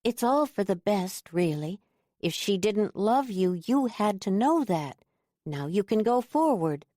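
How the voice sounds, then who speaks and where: A woman's voice: mid-range voice, expressive, a little slow, mellow, no echo, studio quality. A woman voicing a young woman who is jealous and insistent, talking in a pleading, defensive way.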